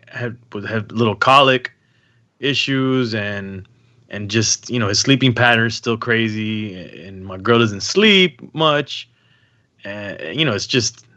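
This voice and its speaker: A man's voice: lowish voice, slow pace, pushed and bright. A young adult man hosting a podcast, telling stories in casual chat with lots of restarts and slang. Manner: rambling storytelling with many restarts and slang. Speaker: podcast host.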